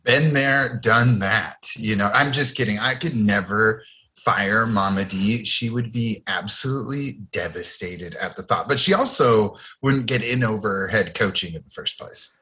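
A man's voice: lowish voice, moderate pace, bright, forceful tone. A man co-hosting a podcast, chatting casually and animatedly, laughing as he retells scenes. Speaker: podcast co-host. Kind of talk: casual chat.

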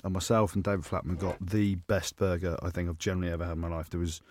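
A man co-hosting a rugby podcast, telling stories in quick, laughing banter. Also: deep voice, level tone, a little mellow. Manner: fast, laughing storyteller. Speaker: podcast co-host, former rugby player. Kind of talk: casual banter.

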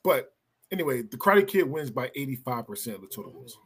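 Male podcast host, husky voice, casual delivery, announces results plainly. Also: medium pitch, big pitch swings, quick pace. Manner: reads out vote results, laughs easily.

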